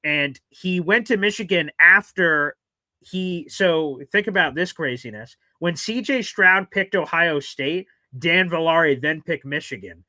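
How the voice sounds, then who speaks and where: Animated bright-voiced male sports host. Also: on the high side, measured pace, no room sound, poor audio. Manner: animated, swings into loud exclaiming. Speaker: podcast host. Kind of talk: casual sports talk. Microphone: streaming studio mic.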